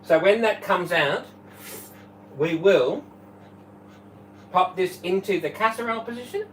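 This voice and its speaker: A man's voice: high voice, expressive, measured pace, a little hiss or hum. A man hosting a live cooking stream from his kitchen, chatting and greeting viewers by name. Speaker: livestream host and former Tupperware manager. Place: home kitchen. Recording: voice from a distance off the mic.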